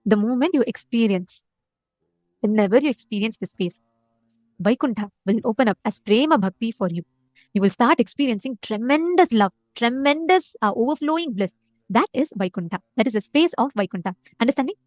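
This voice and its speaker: A woman giving a spiritual discourse, retelling a story earnestly with frequent pauses. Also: fairly high pitch, lively intonation, darkish tone, no room sound. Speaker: spiritual teacher.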